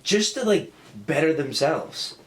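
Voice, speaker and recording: A man in a casual podcast chat who talks in an animated way, swears, and repeats "like" and "think about it.". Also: fairly high pitch, measured pace. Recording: echoey room.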